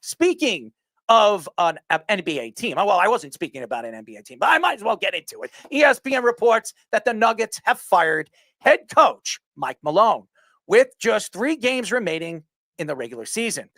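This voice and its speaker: A man's voice: sits high, big pitch swings, moderate pace, pushed and bright, no room sound, clean studio sound. A man from New York hosting a sports talk show, rambling with blunt opinions and repeated words.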